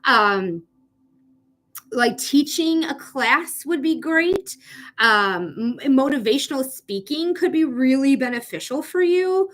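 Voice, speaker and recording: A woman's voice: high voice, expressive, slow, fairly bright tone. A woman hosting a live psychic reading stream, chatting casually with viewers and swearing now and then.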